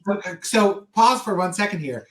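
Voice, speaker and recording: A man's voice: high voice, lively intonation, fairly bright tone. A man talking as a podcast guest in casual chat, jumping in with emphatic points. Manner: emphatic, quick to interject.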